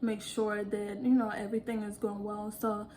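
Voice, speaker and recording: A woman telling casual storytime anecdotes in an animated way, often laughing and acting out what people said. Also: mid-range voice, normal speed, a little hiss or hum. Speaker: vlogger.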